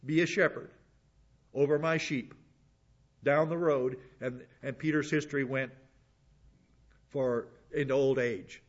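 A man's voice: mid-range voice, steady tone, a little slow, long pauses, dull audio. A man teaching a sermon in a conversational way, with asides between the verses he reads. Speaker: preacher.

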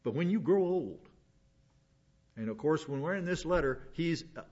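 This pastor's voice is a little high and mellow, with a breathy edge, and he speaks expressively at a moderate pace. He teaches a Bible passage in a folksy, rambling style, wandering off into personal stories and restarting often. The recording has a dull lo-fi quality.

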